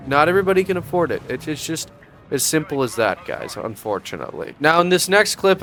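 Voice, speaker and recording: A man's voice: medium pitch, fairly bright tone, clear, resonant tone. A young man in a casual commentary vlog, sarcastic and profane, mocking as he talks. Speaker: YouTube commentator.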